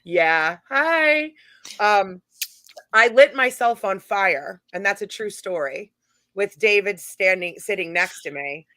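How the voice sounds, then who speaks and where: A woman's voice: medium pitch, takes it slowly, no room sound. A woman who organizes paranormal events, telling a funny story in a casual chat and laughing as she goes. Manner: animated, laughs while telling stories.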